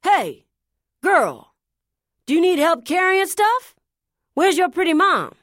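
A man's voice: high-pitched, animated, normal speed, no echo, clean studio sound. A woman voicing an anxious middle-aged male street preacher in an audiobook, pleading and insistent. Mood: calling out.

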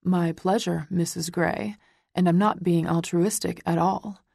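A woman reading the part of a possessive, teasing young man, speaking in a soft, low murmur. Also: fairly even intonation, measured pace, vocal fry, slightly rough, no echo, studio quality, exaggerated voice.

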